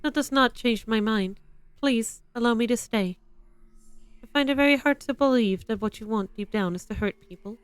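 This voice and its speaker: Gentle young girl in a game read-along, as a woman reads her; soft, earnest, a little high. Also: moderate pace, clean tone, no room sound, close to an everyday voice. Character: calm, gentle young girl, unafraid and kind.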